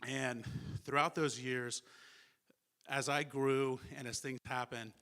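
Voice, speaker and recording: A man's voice: mid-range voice, fairly even intonation, slow, sharp tone. A man speaking at a memorial service, recalling a friend in a heartfelt eulogy and acting out the dialogue of a remembered dream. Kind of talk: memorial speech.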